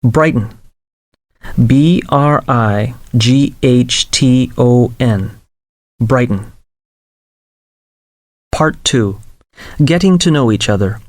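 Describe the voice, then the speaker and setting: A man narrates a language-class listening drill, pausing to spell each word letter by letter. He keeps an unhurried pace, and his voice sounds close and dry with no room around it. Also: mid-range voice, darkish tone, no echo. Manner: slow, carefully spelled-out dictation. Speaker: lesson narrator. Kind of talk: scripted listening exercise reading.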